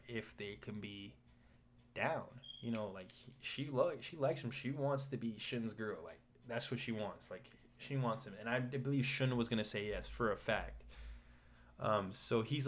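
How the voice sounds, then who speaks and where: A man's voice: mid-range voice, slight background noise. Rambling man recapping manga chapters. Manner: rambling, restarts, paraphrases characters in a flat retelling. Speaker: manga commentator.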